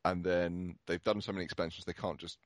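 A man's voice: low voice, level tone, fairly quick, no echo. A man in casual podcast chat, explaining board game tips at length in a chatty way.

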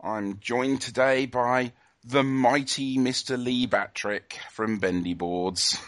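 A man's voice: medium pitch, takes it slowly, fairly bright tone. A man hosting a podcast in casual chat, playful and teasing, often laughing. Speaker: podcast host.

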